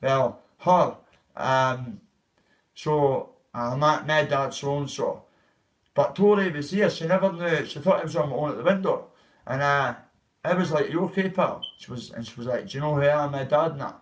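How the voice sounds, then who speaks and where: A man's voice: fairly high pitch, moderate pace. Rambling, swearing man. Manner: rambling, profane, acts out quoted voices. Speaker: vlogger. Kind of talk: casual storytelling on a livestream. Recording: voice a bit far from the mic.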